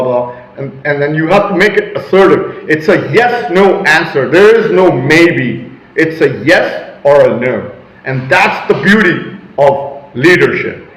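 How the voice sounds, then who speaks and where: A man vlogging a rambling motivational monologue, emphatic and with loud assertive bursts. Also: high voice, roomy sound, low-quality recording.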